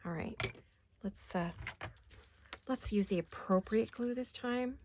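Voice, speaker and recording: A woman vlogger, raspy from allergies, chatting casually and talking to herself as she makes paper crafts in her home studio. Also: mid-range voice, slow pace, a little mellow. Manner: chatty, talks to herself while working.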